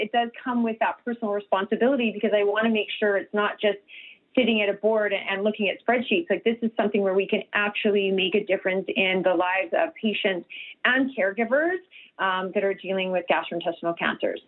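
A woman's voice: medium pitch, steady tone, fairly quick, husky. A woman, a nutritionist guest speaking earnestly in a radio interview, with many restarts and fillers. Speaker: guest nutritionist and health coach. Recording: tinny phone line.

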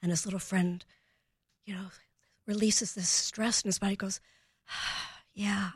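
A woman's voice: medium pitch, flat delivery, normal speed, slightly rough, no echo, studio quality. A woman, a parenting expert, telling stories on a radio talk show and acting out both sides of each conversation. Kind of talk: storytelling in a radio interview.

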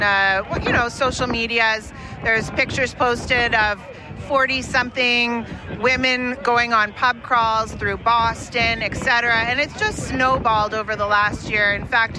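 A woman interviewed outdoors at a tailgate, explaining something in a chatty way. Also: on the high side. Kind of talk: clip from a field interview. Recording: outdoor field recording with noise.

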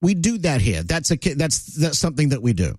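A man's voice: fairly high pitch, big pitch swings, brisk, a little mellow, no room sound. A man hosting a talk radio show, opinionated and sardonic, with lots of "uh" fillers. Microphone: studio broadcast mic.

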